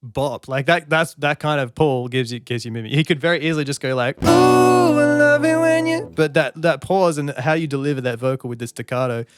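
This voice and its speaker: A man's voice: mid-range voice, quick pace, few pauses. A man giving music analysis commentary as a songwriter, stopping to sing lines and count beats to show his points. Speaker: songwriter reacting to an album.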